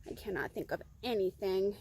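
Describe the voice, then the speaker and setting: A woman's voice: mid-range voice, animated, moderate pace, vocal fry, mellow, husky, voice pushed down, low-quality recording. A woman voicing a small, confused young male bird who is anxious and fretful. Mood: plaintive.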